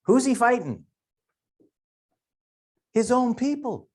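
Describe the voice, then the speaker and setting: A man's voice: very high-pitched, big pitch swings, slow, a little mellow. A middle-aged man from Wisconsin teaching a Sunday Bible class, talking in a folksy, conversational way and thinking aloud. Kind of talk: Sunday school Bible lesson.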